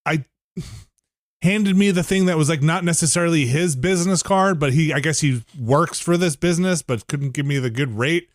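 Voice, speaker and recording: A man's voice: fairly high pitch, normal speed, no room sound, clean studio sound. A man hosting a podcast, telling a rambling story with lots of fillers and laughter. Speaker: podcast host. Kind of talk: casual chat, anecdote.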